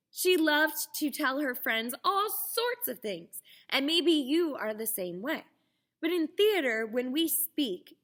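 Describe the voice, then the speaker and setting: Young female drama teacher for kids, slow and bright, encouraging. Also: on the high side. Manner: encouraging, clearly enunciated. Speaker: theater teacher. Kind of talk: children's lesson.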